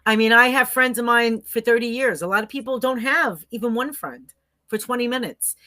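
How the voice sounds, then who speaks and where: A woman's voice: on the high side, fairly quick, bright, forceful tone, dry recording. A middle-aged woman as a podcast guest, speaking earnestly and reflectively, often ending with "right?" and laughing easily. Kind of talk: conversational interview.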